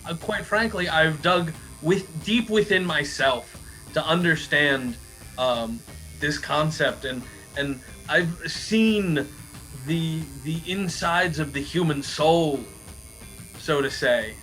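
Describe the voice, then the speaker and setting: A man with a somewhat high, bright voice doing improv comedy as an earnest customer. He stammers and restarts his sentences, sounding hesitant but sincere. Faint music plays behind him. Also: slow pace, low-quality recording. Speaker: improv performer playing a tattoo customer.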